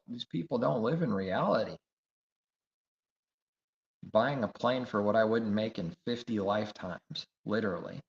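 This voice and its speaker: A man's voice: lowish voice, measured pace, gravelly, long pauses. A man preaching a sermon, emphatic and repetitive, firing rhetorical questions. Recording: echoey room, dull lo-fi sound.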